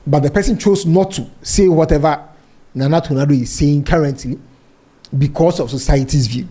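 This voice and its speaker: A man's voice: a little high, moderate pace, mellow, breathy edge. A man with a Ghanaian English accent presenting entertainment gossip, reading out social media comments and mixing English with Twi.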